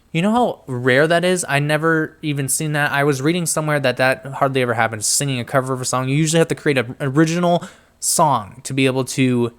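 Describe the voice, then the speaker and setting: A young man hosting a podcast, chatting casually about pop culture, rambling and getting sidetracked while he reads things out. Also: on the high side. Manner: rambling, easily sidetracked, mumbles while reading. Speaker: podcast host.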